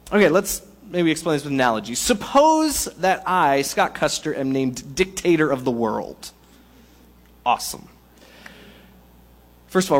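A male pastor giving a sermon in a casual, joking way, using everyday analogies. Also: on the high side. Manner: conversational, jokey preaching with analogies.

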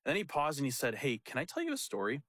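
Animated young male pastor telling a story. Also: medium pitch, fast, no room sound. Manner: animated, laughing storyteller who acts out quotes. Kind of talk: casual storytelling chat.

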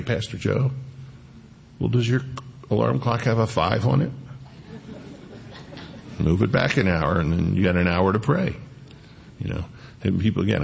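Gravelly-voiced man preaching a sermon. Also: sits low, darkish tone, a little hiss or hum. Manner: conversational preaching, homely asides and scripture read aloud. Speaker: pastor.

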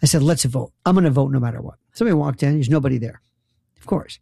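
A man's voice: mid-range voice, fast, gravelly, dark tone, breathy edge, dry recording, studio quality. A middle-aged man hosting a talk show, telling a comedic story in a sarcastic, incredulous way that rambles and restarts.

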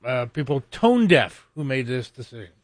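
A man's voice: medium pitch, big pitch swings, moderate pace, no echo, studio quality. A man reading out sports news in a matter-of-fact way.

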